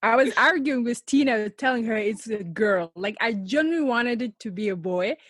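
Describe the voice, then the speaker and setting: A woman's voice: on the high side, moderate pace, a bit bright, breathy edge, no echo. A woman co-hosting a podcast in casual chat, chatty and good-humoured. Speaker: podcast co-host.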